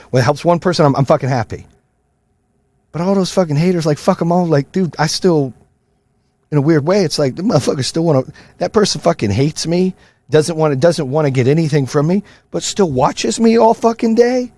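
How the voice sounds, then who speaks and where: A man's voice: fairly high pitch, a little fast, a little mellow, no echo. A middle-aged man hosting his own podcast, ranting with heavy swearing in a fired-up motivational style. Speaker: podcast host. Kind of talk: profane motivational rant.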